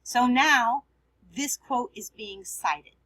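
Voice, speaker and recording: A woman's voice: a little high, takes it slowly, pushed and bright, low-quality recording. A woman teaching writing, patiently explaining punctuation step by step as she edits on screen. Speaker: writing instructor. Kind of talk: screen-recorded writing lesson.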